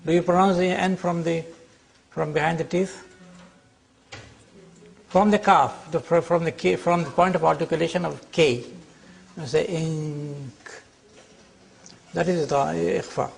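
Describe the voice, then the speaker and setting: A man teaching a class, explaining slowly and checking that his students follow. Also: on the high side, steady tone, creaky, husky. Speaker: Arabic teacher. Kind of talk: classroom lecture.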